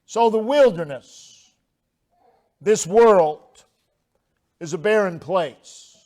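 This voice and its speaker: Man, preacher, sermon, high-pitched voice, slow delivery, builds then falls quiet. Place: church sanctuary.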